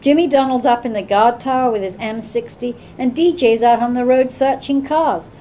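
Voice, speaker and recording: A woman author giving a measured, expressive reading of her own novel. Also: a little high, slight background noise, rough recording. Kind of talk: literary reading aloud.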